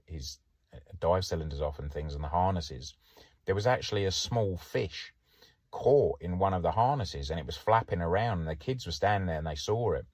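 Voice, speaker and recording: A man's voice: deep voice, a little mellow, dry recording. A middle-aged man, a podcast host and former police diver, telling stories in a chatty, wry way and often laughing. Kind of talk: casual anecdotal storytelling.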